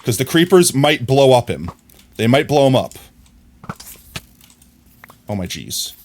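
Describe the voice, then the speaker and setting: A man's voice: mid-range voice, measured pace, slight background noise. Frantic male game streamer. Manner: excitable, frantic, talks to himself while playing. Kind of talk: live gameplay commentary.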